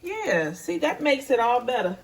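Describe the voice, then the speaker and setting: A woman's voice: a little high, very animated, normal speed, reverberant, far from the mic. A woman and mother talking casually while cooking in her home kitchen, chatty and apologetic, laughing at her own kitchen mistakes. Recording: voice a little off-mic, noisy kitchen. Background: sizzling frying pan and clicks.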